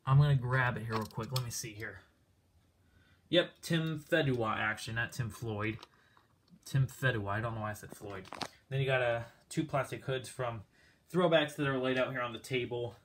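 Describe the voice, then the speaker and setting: A man's voice: medium pitch, normal speed, fairly bright tone, a little hiss or hum. A man casually walking through his diecast car collection, rambling with lots of fillers and a bit out of breath.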